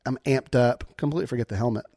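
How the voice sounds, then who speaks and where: A man casually telling a story from his youth, laughing often and acting out quoted voices in a high pitch. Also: fast, warm tone, dry recording, studio quality.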